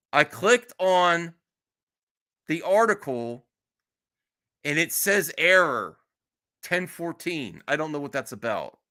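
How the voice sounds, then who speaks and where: Bright-voiced, blunt streamer man. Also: on the high side. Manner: blunt, exasperated, swears freely. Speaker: streamer host. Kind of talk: casual live-stream chat.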